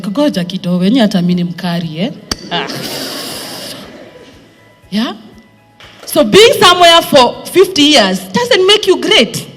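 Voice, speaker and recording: A Kenyan woman, speaking English with a Kenyan accent, tells her career story to a live audience. She is animated, slips into Swahili and acts out what others said. Her voice rings through a reverberant event hall over faint background music. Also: on the high side, husky.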